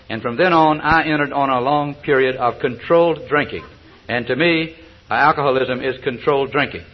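A man's voice: mid-range voice, brisk, breathy edge. An older man giving a personal testimony at a recovery meeting, telling stories in a folksy way with chuckles and hesitant fillers. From South Georgia, US. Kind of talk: personal testimony talk with jokes. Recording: dull old lo-fi recording.

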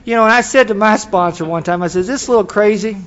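An older man telling his personal story to an audience at a recovery meeting, self-deprecating and folksy, with halting restarts. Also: high-pitched, a bit bright, highs cut off, slight background noise. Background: audience laughter.

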